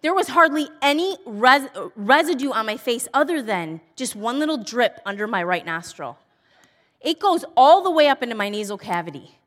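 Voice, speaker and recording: A woman telling a funny personal story in a casual, exasperated, animated way. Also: on the high side, moderate pace. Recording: long hall reverb.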